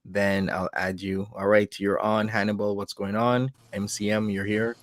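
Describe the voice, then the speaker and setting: A man's voice: fairly low pitch, level tone, normal speed, no echo. A man hosting a casual livestream, reading out messages and commenting on them with sarcasm and laughter. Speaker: livestream host.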